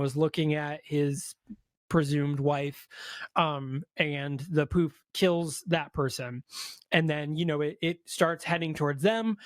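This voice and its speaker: A man's voice: a little high, dry recording, clean studio sound. A man co-hosting a podcast, casually retelling a film's plot and acting out the characters' lines with lots of fillers. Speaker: podcast co-host. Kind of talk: casual film recap.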